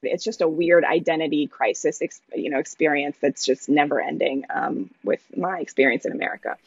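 Lively Jamaican-born woman telling stories. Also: low voice, brisk, vocal fry, slightly rough, no room sound, dull audio. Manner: animated storytelling, laughs often, acts out quoted voices. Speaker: comedian, guest. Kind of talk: interview conversation.

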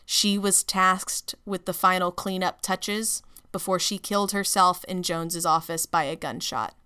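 Woman host, bright and very clear voice, measured casual narration. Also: fairly low pitch, fairly even intonation. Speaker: podcast host.

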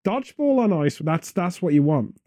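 A man co-hosting a comedy podcast, rambling through absurd deadpan tangents in casual chat. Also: on the high side, moderate pace, no room sound, studio quality. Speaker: podcast co-host.

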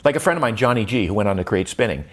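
A man's voice: on the low side, animated, rapid-fire. An older man, a guest in an interview, talking reflectively with many restarts and fillers, his voice lifting when he stresses a point. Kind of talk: conversational interview.

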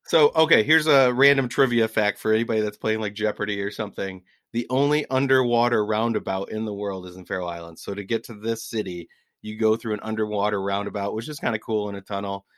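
A man in his forties, a podcast guest telling travel stories in an animated, laughing way. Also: lowish voice, fast, no room sound. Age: 40s. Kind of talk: casual storytelling.

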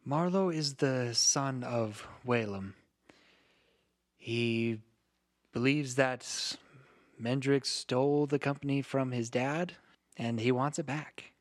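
A man hosting a tabletop game as game master, explaining the story in a playful, unhurried way. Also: mid-range voice, no echo, studio quality. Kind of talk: casual tabletop game chat.

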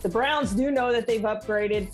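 Woman co-host, sports talk, slightly high voice, calm measured delivery. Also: soft background music.

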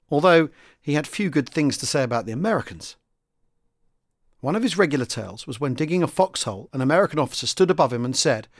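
A man hosting a podcast, reading a listener's story and sign-off in a lively, expressive way. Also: mid-range voice, no room sound, studio quality. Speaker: podcast host.

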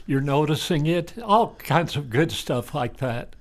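An older man with a fairly high voice talks very slowly. He is blunt and matter-of-fact, speaking as a doctor guest in a casual interview. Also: expressive. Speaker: retired physician guest.

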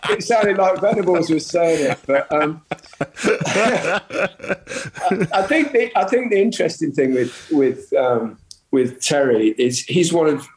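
A man from England, a former footballer, telling relaxed anecdotes in a casual chat, chuckling and restarting his sentences. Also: on the high side, a little slow. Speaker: interview guest, former footballer. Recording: roomy sound with faint background noise.

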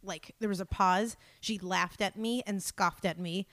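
A woman's voice: mid-range voice, fairly even intonation, measured pace, a bit bright, no echo. A woman co-hosting a podcast, telling self-mocking stories with lots of laughter in casual chat. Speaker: podcast co-host.

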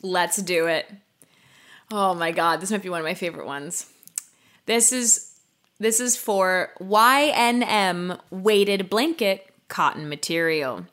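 A woman co-hosting a comedy podcast, joking and reading reviews aloud in an animated way. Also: lowish voice, slow pace. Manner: animated, mock-earnest reading. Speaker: podcast co-host.

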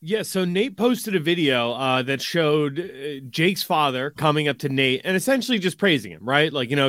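A man on a podcast recapping a story in casual chat, leaning on fillers as he talks. His voice sits on the higher side. The recording is dry and close. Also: expressive, moderate pace, hardly any pauses, fairly bright tone, dry recording. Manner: recounting news, filler-heavy.

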